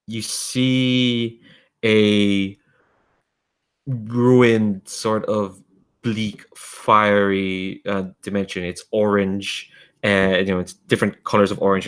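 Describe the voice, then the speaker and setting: Brief: male game master, unhurried, deep-ish, rambling narration. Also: a bit bright. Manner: loose, hesitant narration with many fillers.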